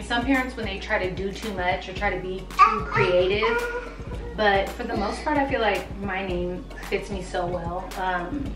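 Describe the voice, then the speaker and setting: A woman's voice: medium pitch, recorded from a distance. A woman, a mother and vlogger, chatting casually and playfully with her young daughter, saying "like" a lot. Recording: roomy sound from off the mic, music playing.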